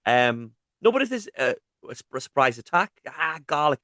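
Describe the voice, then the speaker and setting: A man's voice: a little high, sing-song, normal speed, pushed and bright, no echo. Mackem man, teasing podcast host. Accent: Mackem (Sunderland). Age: 30s. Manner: teasing, jokey banter. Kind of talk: casual gaming podcast chat.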